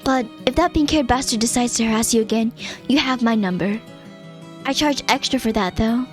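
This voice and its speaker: A woman voicing a smooth, teasing young man while reading a visual novel aloud, in a lowered, laid-back, joking voice. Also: brisk, soft background music, natural voice.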